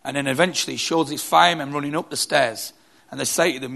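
A man's voice: medium pitch, steady tone, fast talker, vocal fry, fairly bright tone. A male preacher giving a sermon, emphatic and repetitive.

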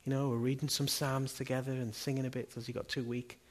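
This male pastor, middle-aged, delivers a church sermon in an earnest, conversational way, peppering the congregation with question after question. He has a medium-pitched voice that barely rises or falls, and his pace is quick.

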